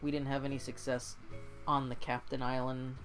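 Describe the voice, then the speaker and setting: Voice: medium pitch, level tone, moderate pace, fairly bright tone, soft background music. An exhausted, yawning streamer in casual game-stream chat, ranting and swearing with exasperation.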